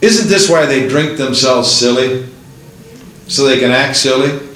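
A man's voice: medium pitch, unhurried, a bit bright, roomy sound, slight background noise, low-quality recording. A man preaching a sermon in a church, building his points with one emphatic rhetorical question after another.

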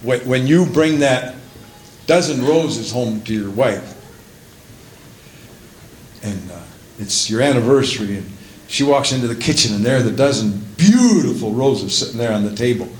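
A man preaching a sermon as a pastor, breaking often into praise and hallelujahs and building up to shouting at the climaxes. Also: mid-range voice, expressive, normal speed, long pauses, echoey room, a little hiss or hum, poor audio.

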